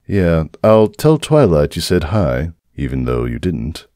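A man's voice: very deep voice, sing-song, measured pace, mellow, dry recording, exaggerated voice. A man voicing a dry, sarcastic, weary stallion father in a fan audio drama. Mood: deadpan. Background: faint background music.

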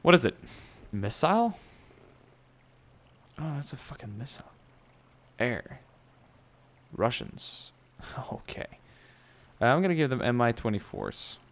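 A man giving casual commentary over a war video game, excitable and swearing often, bursting into loud yelps. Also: medium pitch, takes it slowly, long pauses. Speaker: gameplay commentator.

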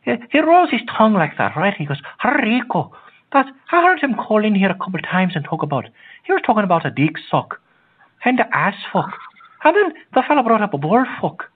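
A man's voice: high voice, very animated, a little fast, breathy edge, exaggerated voice. A man playing a rambling, folksy prank caller who asks crude questions in an overly polite tone. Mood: mock-polite. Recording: lo-fi phone-like sound.

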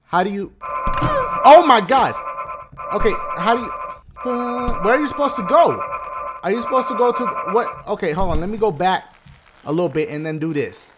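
A man hosting a gaming video, giving loud, slangy, profane play-by-play and shouting at the game. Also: high voice, animated, moderate pace, pauses often, music in the background. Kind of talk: excited gameplay commentary.

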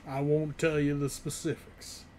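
A man's voice: fairly high pitch, flat delivery, unhurried, warm tone, a little hiss or hum. A young man in his twenties, from the northeastern US, chatting casually and rambling with chat while streaming a game, often laughing.

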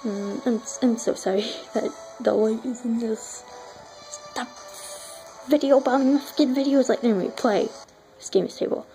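A woman's voice: fairly high pitch, steady tone, moderate pace, mellow, soft background music, low-quality recording. Apologetic giggly woman playing a game. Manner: apologetic, self-deprecating, giggly. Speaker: let's play gamer. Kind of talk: casual gameplay commentary. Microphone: phone filming a screen.

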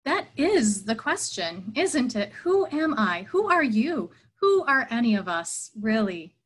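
A woman's voice: a little high, big pitch swings, unhurried. A woman playing a teasing wandering teacher. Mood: playful. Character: playful wandering male Buddhist teacher, teasing.

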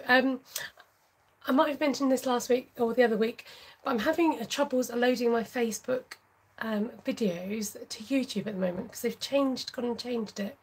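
Chatty woman, soft husky voice. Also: on the high side, normal speed, poor audio. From United Kingdom. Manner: chatty, laughs often, reads viewer comments aloud. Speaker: craft channel host. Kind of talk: casual livestream craft tutorial.

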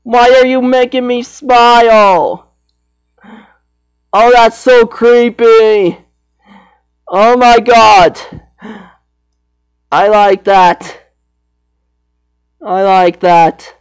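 Slow playful guy, smooth clean voice, goofing around with toy voices. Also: extremely high pitch, steady tone, no room sound, poor audio. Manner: playful, rambling, switching between voices. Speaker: channel creator. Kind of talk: improvised toy play with silly voices.

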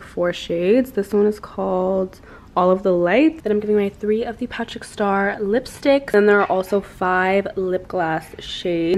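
A woman's voice: medium pitch, a little mellow, a little hiss or hum. A young woman vlogging to camera at home, chatty and gushing, with many fillers. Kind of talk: casual vlog talk to camera. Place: home indoors.

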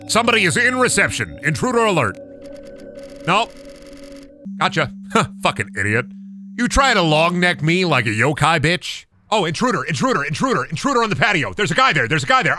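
A man streaming a horror game, talking to himself with profane jokes and sudden shouts. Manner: profane, jokey, talks to himself while playing; sudden high-pitched shouts and sing-song bits. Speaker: gaming streamer. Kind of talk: live-stream gameplay commentary.

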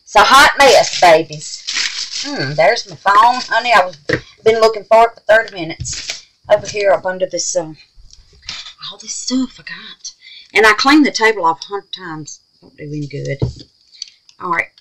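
A woman's voice: medium pitch, moderate pace, fairly bright tone, slight background noise, poor audio. A woman with a Southern US accent hosting a resin craft tutorial at home, folksy and chatty, calling viewers babies and honey as she works. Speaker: resin craft channel host.

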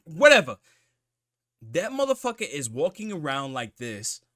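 Male gamer, mid-pitch with a wide, bouncy range, profane running self-talk for a let's play. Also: very animated, normal speed, fairly bright tone, no echo, clean studio sound. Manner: profane, jumpy self-talk while playing. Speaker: gamer playing a horror game.

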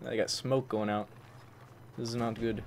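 A man doing excitable gameplay commentary, who swaps swear words for mild ones like "fudge" and breaks into loud, high-pitched outbursts. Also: moderate pace. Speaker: gaming channel host. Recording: faint game noise behind. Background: gunfire from the game.

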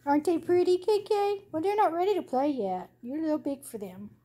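A woman's voice: high voice, expressive, a little fast, dark tone. A woman cooing at her puppies in doting, sing-song baby talk. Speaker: dog owner filming her puppies.

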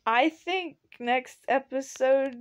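A woman hosting a gaming video, chatting casually with a friend while she plays. She giggles often, gets excited easily, and reads chat messages aloud. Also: sits high, takes it slowly, a little hiss or hum. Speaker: channel host and player.

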